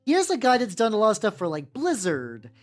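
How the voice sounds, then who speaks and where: A woman's voice: medium pitch, wildly swooping pitch, fairly quick. A woman streaming as she paints miniatures, chatting casually with her viewers, greeting them by name, laughing and swearing freely. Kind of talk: casual livestream chat. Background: soft background music.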